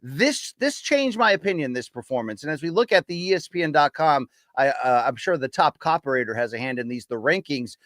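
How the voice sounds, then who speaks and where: A man hosting a casual podcast, giving opinionated takes and running quickly through names and rankings. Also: a little high, expressive, fairly bright tone, no room sound. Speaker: podcast host. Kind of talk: casual boxing podcast chat.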